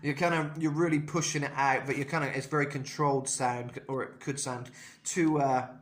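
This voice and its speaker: A man's voice: mid-range voice, steady tone, normal speed. A young man giving a casual vocal lesson, talking loosely with self-mocking asides between demonstrations. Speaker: vocal coach.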